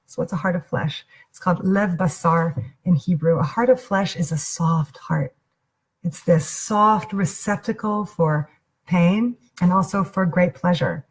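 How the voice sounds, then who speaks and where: A woman's voice: lowish voice, normal speed, slightly rough. A woman giving a reflective spiritual teaching that weaves in a personal story. She speaks in an earnest, intimate way and often rephrases and repeats herself.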